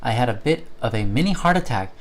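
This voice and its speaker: A man's voice: mid-range voice, lively intonation, fast. A man co-hosting a livestream, reading viewer chat aloud in rambling, casual talk full of fillers and restarts.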